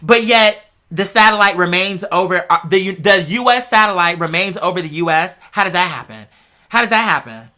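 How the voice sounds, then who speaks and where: A young adult woman hosting a podcast, talking in a rambling, profane, animated casual monologue and calling her listeners "girl". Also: lowish voice, a little fast. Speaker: podcast host.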